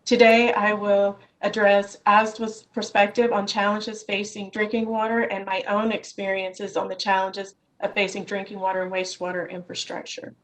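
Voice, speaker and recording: Woman reading her prepared testimony, steady and measured, calling in from her office. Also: medium pitch, poor audio. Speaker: witness at a Senate hearing.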